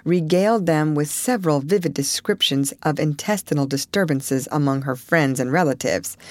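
Woman narrating a classic novel, low voice, dry close sound, measured. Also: darkish tone, no room sound. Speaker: audiobook narrator. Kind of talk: scripted narration.

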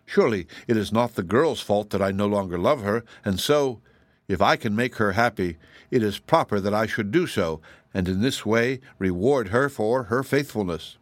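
A dutiful tin emperor speaks formally and seriously in a low male register, as a male reader voices him. The reading is close and dry. It stays near the reader's own voice. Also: expressive, normal speed, dry recording, lightly acted. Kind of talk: audiobook character reading.

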